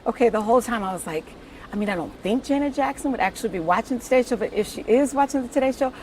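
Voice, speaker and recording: A woman from the US Midwest interviewing a guest, chatty and enthusiastic, quick to react. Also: on the high side, lively intonation, a little mellow, a little hiss or hum. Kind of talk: friendly interview chat.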